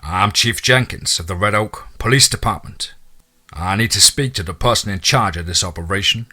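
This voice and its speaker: A man's voice: fairly low pitch, moderate pace, bright, forceful tone. A man reading the lines of an insistent small-town police chief who is pleading to help.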